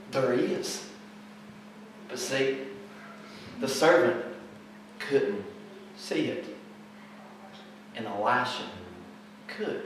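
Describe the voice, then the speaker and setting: A man's voice: medium pitch, sing-song, takes it slowly, long pauses, slight background noise. A man preaching a sermon, emphatic and fond of repeating rhetorical questions. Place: church sanctuary. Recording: very echoey hall, mic far off.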